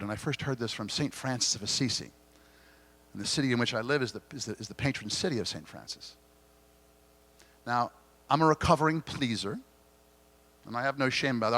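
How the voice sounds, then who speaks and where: A middle-aged man giving an inspirational keynote talk at a conference, earnest and gently confessional, with dramatic pauses. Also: medium pitch. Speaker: keynote speaker. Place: conference hall stage.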